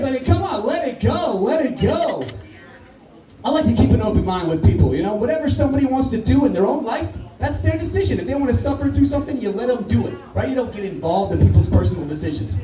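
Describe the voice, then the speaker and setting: High-voiced man doing stand-up, echoey. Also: fast, far from the mic. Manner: animated storyteller, acting out voices with big pitch jumps. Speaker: stand-up comedian. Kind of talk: stand-up comedy set. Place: comedy stage.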